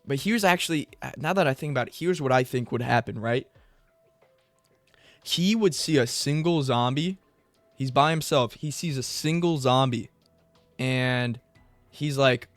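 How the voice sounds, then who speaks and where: A man's voice: measured pace, pauses often, no echo, soft background music. A young man talking casually and at length on his own as a commentary vlogger, rambling and swearing freely. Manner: rambling and profane, with bursts of high excited mock voices. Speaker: MMA commentary YouTuber.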